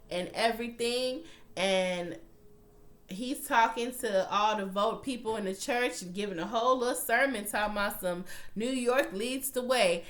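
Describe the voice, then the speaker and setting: Woman host, casual recap, animated, swears a lot, acts out the characters' quotes. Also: medium pitch. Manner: animated, profane retelling, acting out character quotes.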